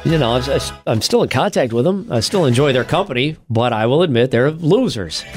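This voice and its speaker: A man's voice: medium pitch, lively intonation, fairly quick, over music. American man casually co-hosting a podcast. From United States. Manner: joking, reads out internet posts in mocking voices. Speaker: podcast co-host.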